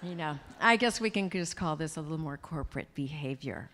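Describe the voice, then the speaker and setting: A woman's voice: deep voice, lively intonation, brisk. Give me a woman in her sixties telling chatty stories to an audience in a reverberant hall. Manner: chatty, warm storytelling with laughs. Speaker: guest speaker. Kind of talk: Q&A talk to an audience. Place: large event hall. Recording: hall reverb from a live event room.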